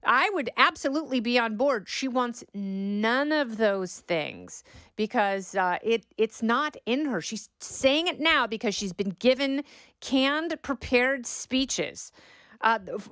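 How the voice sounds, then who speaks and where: Sarcastic woman podcast host, crisp and dry. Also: fairly high pitch, fairly bright tone, no room sound. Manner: sarcastic, mocks quoted talking points in exaggerated voices. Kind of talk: opinionated political commentary.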